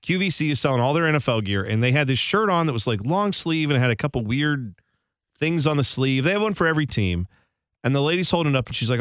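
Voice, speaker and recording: A man's voice: medium pitch, expressive, a little fast, a bit bright, no echo. A man co-hosting a radio show, telling rambling, self-deprecating stories in casual banter at a studio microphone.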